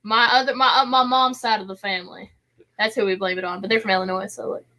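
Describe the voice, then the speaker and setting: A young woman in a casual online group chat, playful and teasing, with quick comebacks. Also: medium pitch, steady tone, pushed and bright, rough recording.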